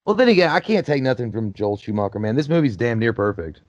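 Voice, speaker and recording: A man's voice: medium pitch, very animated, quick pace, a little mellow, no echo. A man talks through a movie in a loose, profane, joking way, riffing on what is on screen. His voice sits in the middle range. The recording is dry and a little dull, as if made on a basic home mic. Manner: profane, joking, riffs on the film. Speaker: movie commentary host. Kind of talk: casual movie commentary.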